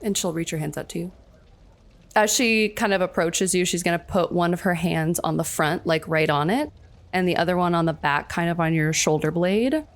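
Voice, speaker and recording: A woman describing her character's actions in a tabletop game, soft-spoken and unhurried. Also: fairly low pitch. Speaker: player. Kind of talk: tabletop role-play narration.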